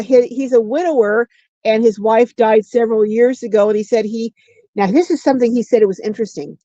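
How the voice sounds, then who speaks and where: A woman's voice: fairly high pitch, warm tone, no echo, dull audio. An older woman hosting a casual livestream, rambling and chatty as she reads out viewer comments, recorded on a phone. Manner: rambling, chatty, frequent restarts and slow drawn-out words. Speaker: livestream host.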